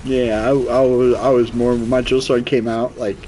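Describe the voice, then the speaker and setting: Young male gaming streamer, casual storyteller, swears freely, rambles, mid-pitched everyday voice. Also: flat delivery, normal speed, dark tone, slight background noise. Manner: loose, profane, rambling storyteller.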